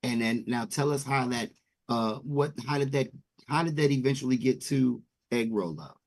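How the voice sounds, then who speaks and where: A man's voice: mid-range voice, moderate pace. A man hosting a casual interview, asking questions and giving short encouraging replies. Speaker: interviewer, host.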